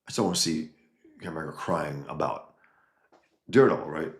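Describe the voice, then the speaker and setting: A man with an extremely low, expressive voice talks fast in an echoey room. He hosts a casual livestream, reading viewer comments aloud and rambling emphatically with frequent restarts.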